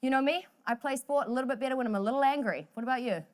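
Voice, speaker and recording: A woman's voice: high-pitched, racing. A woman leading a workout class, cheering people on, cracking jokes and counting down the final seconds of each set. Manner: upbeat, joking, counts down reps. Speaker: fitness instructor. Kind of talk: energetic workout coaching.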